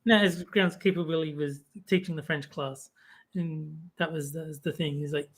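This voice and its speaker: A co-host with an Australian accent, chatting in a relaxed, meandering way on a casual podcast. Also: mid-range voice, moderate pace.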